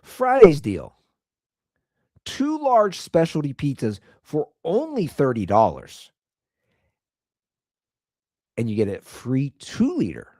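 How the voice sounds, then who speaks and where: A man's voice: slow pace, long pauses, no room sound, clean studio sound. A man hosting his own show, telling a story as a casual comedic rant and repeating lines in disbelief for comic effect. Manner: animated storyteller, swings between loud and low. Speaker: podcast host.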